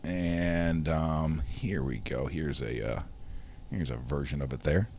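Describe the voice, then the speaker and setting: A man's voice: rumbling low, slow, a little mellow, a little hiss or hum. A man hosting a casual news chat show, rambling through stories with many fillers. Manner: rambling, rough news rundown full of fillers. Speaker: host.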